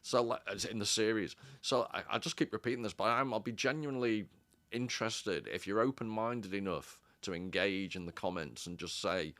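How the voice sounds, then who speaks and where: A man's voice: fairly low pitch, normal speed, a bit bright, no room sound. A man giving a casual commentary as a video essayist, digressive and wry, often interrupting himself.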